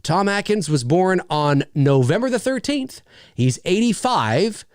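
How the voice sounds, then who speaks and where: A man's voice: sits high, lively intonation, measured pace, no room sound, clean studio sound. A man hosting a casual livestream, rambling enthusiastically and swearing freely as he reads viewer messages. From Canada. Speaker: livestream host.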